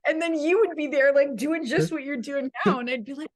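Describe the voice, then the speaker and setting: A woman's voice: high voice, a little fast. Laughing woman recalling wild memories. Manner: laughing, animated recollection. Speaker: guest. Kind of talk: unscripted casual chat.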